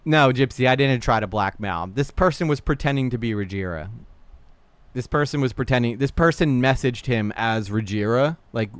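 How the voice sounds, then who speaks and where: A man hosting a casual livestream reaction, animated and blunt, swearing freely while talking to his chat. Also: medium pitch, normal speed, clear, resonant tone, no room sound. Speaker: livestream host.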